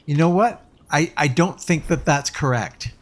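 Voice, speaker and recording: A man's voice: fairly high pitch, measured pace. A man casually commenting as he plays a game, musing aloud with hesitant restarts. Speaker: let's play host.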